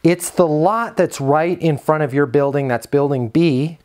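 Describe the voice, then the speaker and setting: A man's voice: on the high side, unhurried, darkish tone. A man giving an instructional talk to camera as a property management trainer, earnest and coaching, repeating his key phrases.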